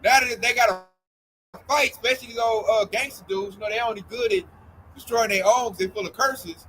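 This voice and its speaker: A man leading a casual religious group talk, animated and mocking as he acts out scared people. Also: extremely high pitch, a little fast, slight background noise, poor audio.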